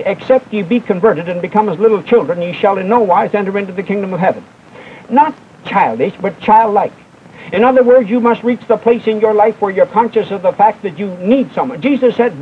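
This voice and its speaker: A young man preaching a televised sermon with fervent, emphatic delivery, rising and falling as he drives each point home. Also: high-pitched. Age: young adult. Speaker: evangelist preacher. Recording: tinny old broadcast recording with faint hiss.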